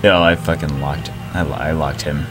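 A man giving excited commentary over a mobile game, giddy, loud and swearing, laughing as he plays. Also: extremely low pitch, normal speed, over music. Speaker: mobile game video creator.

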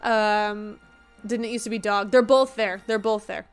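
A woman streaming a game chats casually with her viewers, rambling and making jokes at her own expense while sounding tired. Her medium-pitched voice is steady, clear and resonant, a little slow, with faint music in the background.

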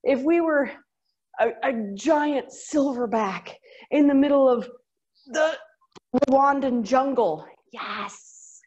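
A woman's voice: sits high, slow pace, pauses often, darkish tone, muffled recording. A middle-aged woman with a Southern US accent, leading a workout class in a bubbly, playful way. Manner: bubbly, playful, with little sound effects and laughs. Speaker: fitness instructor. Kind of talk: guided workout instruction.

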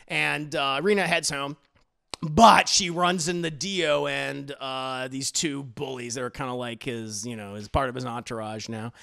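A man casually recapping a TV episode, animated and profane, acting out the scenes as he goes. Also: mid-range voice, a little slow, gravelly. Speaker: TV reviewer.

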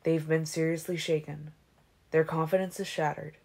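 A woman voicing a serious young male vampire in an audiobook reading, grave and measured. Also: low voice, flat delivery, a little mellow.

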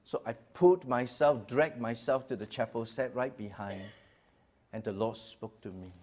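A middle-aged pastor telling his story to a gathering. His voice sits at a medium pitch. He swings between quiet, low stretches and loud, lively ones, often repeating words as he goes. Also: normal speed. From Singapore. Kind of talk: personal testimony talk.

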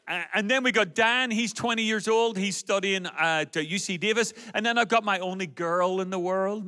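A man's voice: high-pitched, brisk, sharp tone. A man in his forties with an Irish accent, a guest pastor joking with the congregation at the start of a sermon. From Ireland. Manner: joking, playful asides to the crowd. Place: church auditorium stage.

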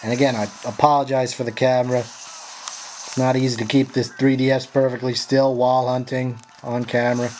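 Exasperated male gamer narrating his hunt, cursing at his helpers, mid-pitched, faint hiss behind him. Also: flat delivery, normal speed, darkish tone. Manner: frustrated, swearing, sarcastic. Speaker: gameplay commentator. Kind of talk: profane live gameplay commentary.

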